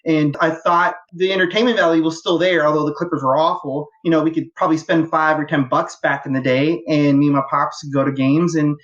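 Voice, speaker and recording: A man's voice: a little high, steady tone, fairly quick, hardly any pauses, fairly bright tone. Enthusiastic man from Los Angeles, lo-fi sound. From Los Angeles, USA. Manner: enthusiastic, rambling, frequent fillers and restarts. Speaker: guest, fan. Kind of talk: casual podcast interview. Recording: dull lo-fi audio.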